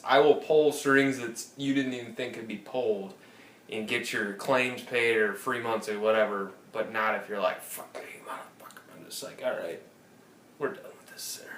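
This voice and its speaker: A man co-hosting a podcast in casual chat, telling animated stories and mimicking callers in high voices. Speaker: podcast co-host. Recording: roomy phone recording with faint noise.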